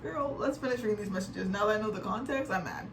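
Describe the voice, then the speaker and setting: A woman's voice: medium pitch, fast talker, a bit bright. Chatty young woman, a bit off-mic. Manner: chatty, heavy "like" filler, exasperated. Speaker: reaction video creator. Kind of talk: casual reaction commentary, reading posts aloud. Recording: distant mic with faint background noise.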